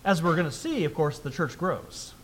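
High-voiced male preacher. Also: big pitch swings, moderate pace, a little hiss or hum. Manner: conversational, with rhetorical questions; reads scripture aloud louder. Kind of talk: sermon.

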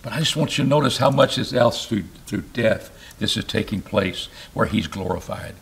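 A man preaching an expository sermon, reading scripture aloud and explaining it, with emphatic rises and sudden low drops. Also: moderate pace, vocal fry. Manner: animated, rising to emphatic bursts and dropping low.

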